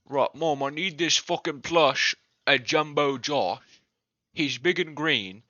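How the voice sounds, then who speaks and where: A man's voice: fairly high pitch, takes it slowly, pushed and bright, no room sound, voice pushed up. A man voicing a whiny male toddler with a British accent who demands toys and swears. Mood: whiny demanding. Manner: bratty, demanding, profane. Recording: dull lo-fi recording.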